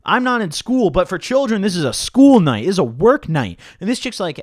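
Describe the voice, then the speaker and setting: A young YouTuber tells a story on his vlog in a casual, animated way, swearing often and going low and quiet whenever he quotes himself. He talks a little fast. The recording is studio quality with no room sound.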